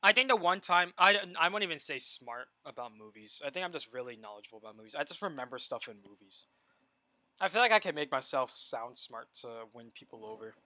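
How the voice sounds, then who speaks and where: A young adult man talking casually on a live stream while gaming, rambling and animated, full of "like" and stop-start restarts. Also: on the high side, brisk, no echo. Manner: rambling and animated, heavy use of "like" and repeated restarts.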